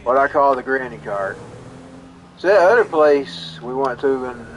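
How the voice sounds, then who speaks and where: A man of ordinary pitch tells a meandering story to his live stream audience. He speaks in a folksy, plainspoken way. His sentences wander and loop back on themselves. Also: lively intonation, measured pace, slight background noise, low-quality recording. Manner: rambling, folksy, repeats himself. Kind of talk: casual personal storytelling.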